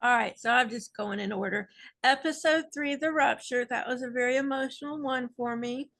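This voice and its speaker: A woman on a fan panel recapping an episode with animated, playfully sarcastic asides. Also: high voice, moderate pace, creaky. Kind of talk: casual fan panel discussion.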